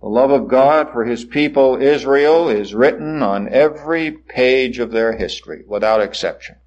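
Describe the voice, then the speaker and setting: A man preaching a sermon, swinging from soaring lines to hushed ones and acting out the voices he quotes. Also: mid-range voice, normal speed, muffled recording. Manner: dramatic rises and hushed drops, acts out quoted voices.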